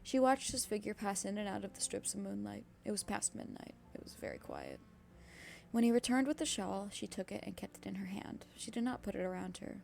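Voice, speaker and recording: A woman's voice: mid-range voice, big pitch swings, brisk, vocal fry, a little mellow, slight background noise. A young woman streaming herself reading a classic novel aloud, breaking off into cursing asides. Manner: reads steadily with sudden cursing asides.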